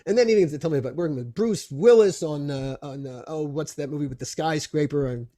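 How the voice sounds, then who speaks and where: A man, a film producer guest, telling a lively anecdote in an expressive way and often restarting his phrases. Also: fairly high pitch, quick pace, no room sound.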